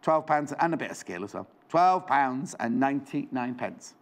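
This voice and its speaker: A man's voice: mid-range voice, expressive, normal speed. A man presenting a live shopping show in a studio, chatty and rambling with jokey asides.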